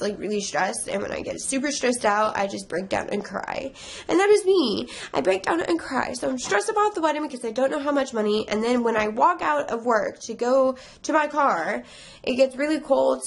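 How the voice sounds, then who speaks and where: A young woman with a slightly high, gravelly voice records a casual confessional vlog. She rambles emotionally, tearful and stressed yet laughing through it.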